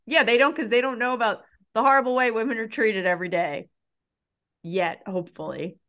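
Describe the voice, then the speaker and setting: A woman's voice: on the high side, a little fast, a bit bright. A young woman co-hosting a podcast in casual chat, opinionated and ranting, swearing and laughing as she argues. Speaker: podcast co-host.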